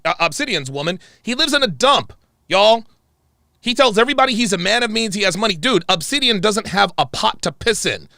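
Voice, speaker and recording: A man's voice: vocal fry, no echo, clean studio sound. A man hosting a livestream, delivering a heated, profane rant and repeating phrases for emphasis. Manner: angry, profane, repeats himself; animated pitch swings. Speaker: show host.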